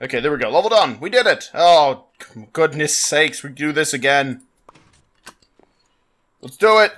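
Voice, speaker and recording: A man narrating his gameplay in an unhurried, drawn-out delivery. His voice sits high and bright, and he keeps exclaiming in exasperation, with laughs and sighs breaking through. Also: expressive. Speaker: gaming channel host. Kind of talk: let's play commentary.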